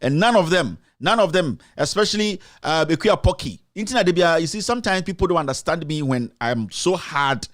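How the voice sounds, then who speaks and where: Ghanaian male commentary host, heated and repetitive, higher voice, dry close mic. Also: expressive, a little fast, hardly any pauses, a bit bright, dry recording. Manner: impassioned, repetitive, mixes English with Twi. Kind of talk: live-streamed political commentary.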